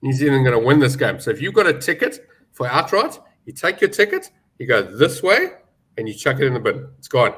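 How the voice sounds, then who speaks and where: A man's voice: medium pitch, huge pitch swings, fairly quick, fairly bright tone, husky. A man giving betting opinions as a pundit, confident and emphatic, with some joking. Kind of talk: casual sports betting chat.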